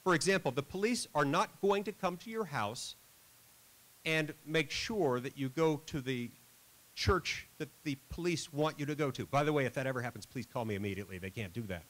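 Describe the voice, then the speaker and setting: A man's voice: on the high side, a little fast, fairly bright tone, rough recording. A middle-aged man giving a school assembly speech, telling a self-deprecating story with dry humor. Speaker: senator.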